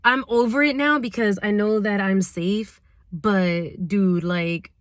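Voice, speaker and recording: A woman's voice: mid-range voice, steady tone, slow, dry recording, clean studio sound. A young woman vlogger telling a storytime tale in casual slang, full of fillers. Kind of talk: storytime vlog.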